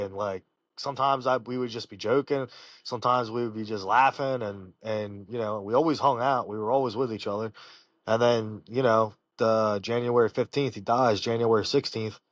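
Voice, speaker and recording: A man, a professional fighter, telling personal stories in an interview, halting and full of fillers and restarts. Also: mid-range voice, fairly even intonation, dry recording. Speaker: professional fighter, podcast guest. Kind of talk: casual interview storytelling.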